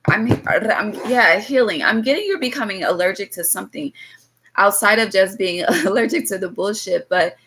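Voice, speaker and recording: A woman's voice: medium pitch, normal speed, fairly bright tone, a little hiss or hum, rough recording. A woman giving a loose, casual tarot reading to her viewers, blunt and swearing freely, drifting into chatty asides. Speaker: tarot reader.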